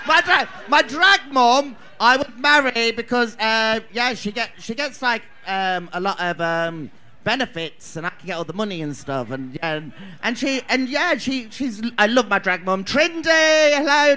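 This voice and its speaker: A man's voice: very high voice, bright, forceful tone. A man in his thirties with an English Midlands accent, a drag queen chatting bawdily and rambling as he answers audience questions at a live viewing party. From England. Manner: bawdy, rambling, laughing often.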